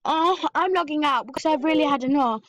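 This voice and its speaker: A woman's voice: sits high, brisk, a bit bright, a little hiss or hum, low-quality recording. A woman vlogging, ranting in exasperation at her freezing laptop and apologizing to her viewers. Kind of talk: frustrated vlog rant.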